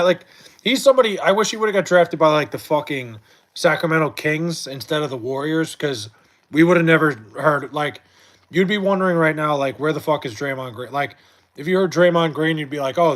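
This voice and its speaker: A young man with a bright, high-leaning voice, lively intonation, and a slightly fast pace hosts a live stream at home late at night. He reads chat and rambles profanely about sports, full of fillers and restarts.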